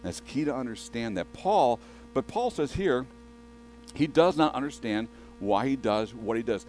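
Animated yet a little slow, the male pastor has a medium-pitched, slightly mellow voice, with soft background music on a low-quality recording. He preaches conversationally, frequently restarting sentences and addressing the congregation in asides.

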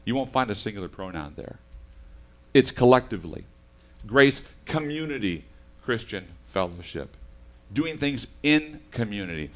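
Animated man preaching a sermon. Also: medium pitch, moderate pace. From United States. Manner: animated, swinging from soft asides to loud emphatic bursts; conversational storytelling with self-corrections. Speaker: pastor.

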